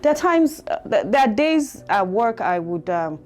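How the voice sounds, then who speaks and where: A woman with a Nigerian accent, telling her story as an interview guest in a reflective, halting way full of fillers. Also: a little high, very animated, a little mellow. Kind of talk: conversational interview.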